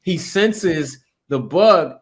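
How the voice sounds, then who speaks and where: A man's voice: on the high side, expressive, very slow. A man co-hosting a podcast, telling an improvised comedic story in a rambling, profane way with many repeated words. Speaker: podcast co-host.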